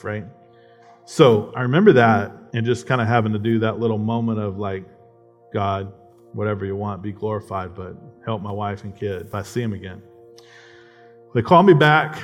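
A man preaching a conversational sermon, often checking in with "right?" and building to emphatic passages. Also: on the low side. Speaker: pastor.

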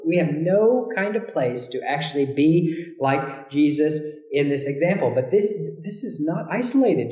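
A man's voice: a little high, a little mellow, roomy sound, low-quality recording. A man preaching a sermon, emphatic, often restarting phrases and rising sharply when he quotes scripture.

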